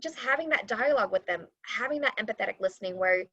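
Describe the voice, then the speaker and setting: A woman working in school admissions, answering a panel question in an earnest, steady way with a few fillers, heard over a video call. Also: mid-range voice, quick pace, husky, dry recording, dull audio. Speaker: admissions coordinator.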